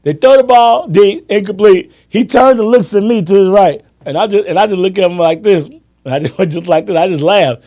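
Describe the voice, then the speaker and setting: A man hosting a sports podcast, telling animated stories in casual chat and acting out his friends' lines. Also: high voice, a little fast. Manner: animated storyteller, acts out friends' lines, laughs often. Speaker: podcast host.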